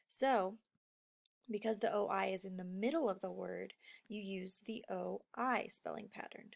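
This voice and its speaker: Woman, teacher, slow, patient, gravelly, explaining spelling to kids. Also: medium pitch. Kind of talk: recorded phonics lesson.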